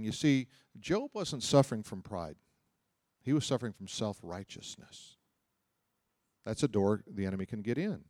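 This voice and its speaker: With a very animated, slightly mellow voice at medium pitch and a moderate pace, a man teaches from the Bible, reading verses aloud and talking them through conversationally. He regularly questions his audience. The recording is dry and of studio quality.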